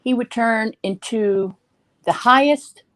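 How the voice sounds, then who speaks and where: A woman's voice: a little high, slow, a bit bright, no room sound. A woman chatting casually and telling funny stories about her family and pets. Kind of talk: casual storytelling.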